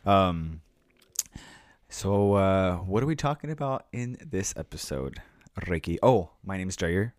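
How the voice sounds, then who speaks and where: A man's voice: deep voice, lively intonation, slow, no room sound, clean studio sound. A man co-hosting a casual podcast, chatting in a playful, rambling, jokey way. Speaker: podcast co-host.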